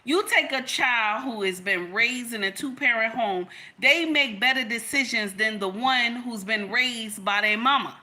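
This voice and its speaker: A woman speaks in a bright, somewhat high voice. She tells stories as she makes a point and comes back to the same lines again and again for emphasis, in the way of a casual opinion vlog. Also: a little slow, hardly any pauses. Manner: emphatic, storytelling, repeats points. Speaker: content creator.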